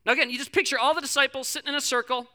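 A young man preaching a sermon, telling a story with animated acted-out quotes and frequent fillers and restarts. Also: very high-pitched, very fast. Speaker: pastor.

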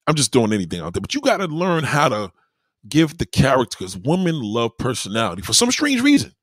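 A man talking frankly about dating, his pitch swooping up and down as he gets animated. He swears freely and uses street slang. The sound is close and dry, with no room around it. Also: fast, slightly rough, dry recording. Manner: keeps asking "you know what I mean". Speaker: vlogger giving dating advice. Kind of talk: casual monologue.

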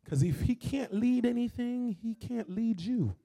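A man's voice: very high-pitched, lively intonation, a little slow, creaky, mellow. A young man of Haitian background in his twenties, preaching a sermon as a guest pastor with emphatic, repetitive phrasing. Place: church.

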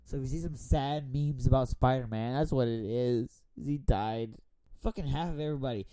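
A man's voice: medium pitch, fairly quick, mellow, no echo. A man hosting a podcast while tipsy, talking in a rambling, profane, casual way. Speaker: podcast host. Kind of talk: casual chat. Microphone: borrowed studio microphone.

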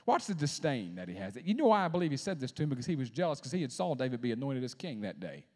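A man preaching a sermon as a pastor, with shouted climaxes and dramatic pauses. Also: mid-range voice, sing-song, long reverb tail.

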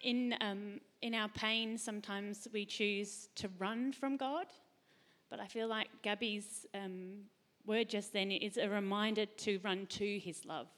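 A middle-aged woman hosting a faith talk panel, chatty and quick to laugh. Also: mid-range voice, steady tone, fairly bright tone. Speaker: host.

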